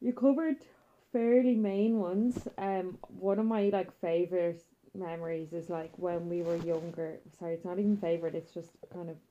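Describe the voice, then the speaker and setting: Irish woman with a dark, muffled sound. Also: fairly low pitch, moderate pace. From Ireland. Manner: animated storyteller, frequent laughter and fillers. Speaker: guest. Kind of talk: casual chat. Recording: muffled, dull audio.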